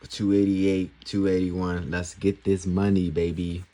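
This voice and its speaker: In a casual screen-recorded trading vlog, a man with a low, mellow voice and a level tone talks through his forex trades a little slowly. His style is hype and heavy on slang as he lays out risk and reward step by step.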